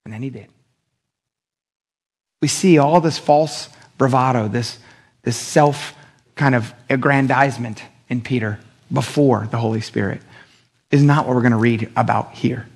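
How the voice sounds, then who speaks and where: In an unhurried, medium-pitched voice with a breathy edge and frequent pauses, a male pastor delivers a Sunday sermon. He keeps it casual and full of slang, regularly performing the lines spoken by characters in the story.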